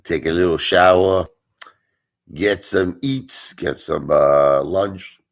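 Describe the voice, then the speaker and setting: Man, very deep voice, gravelly fry, hiccups, rambling live stream chat. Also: slow. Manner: rambling, with restarts, answering chat.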